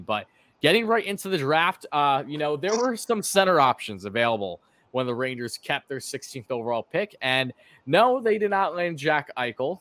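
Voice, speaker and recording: A man's voice: mid-range voice, a bit bright. Chatty man hosting a sports podcast. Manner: chatty, run-on, with frequent fillers and restarts. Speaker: podcast host. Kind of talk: casual live-stream sports podcast chat.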